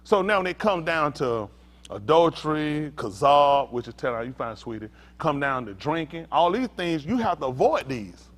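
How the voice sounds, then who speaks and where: A man delivering a teaching sermon with a lively, sing-song delivery that rises and falls constantly. His voice sits slightly high, and he keeps drawing listeners in with questions in relaxed, everyday speech. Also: normal speed. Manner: animated, calls out to listeners, laughs and shouts at times; casual vernacular, asks "y'all understand?". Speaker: pastor.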